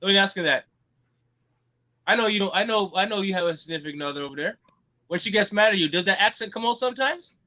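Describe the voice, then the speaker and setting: A man co-hosting a casual wrestling podcast, eager and quick to jump in with questions. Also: high-pitched, animated, bright, forceful tone. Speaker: podcast co-host.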